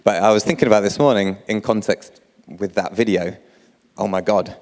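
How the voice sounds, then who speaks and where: A man's voice: lowish voice, brisk, a little mellow. A man leading his church in a casual, conversational sermon. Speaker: church leader. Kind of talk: informal sermon. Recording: long hall reverb.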